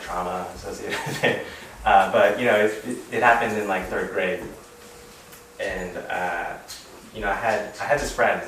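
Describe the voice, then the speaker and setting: With a deep yet fairly bright voice, a thirtysomething fellowship speaker from Reno, Nevada, US, rambles through a casual sermon-like talk packed with fillers such as "you know" and "like." The audio has room echo, a far-off microphone, and noise in the background.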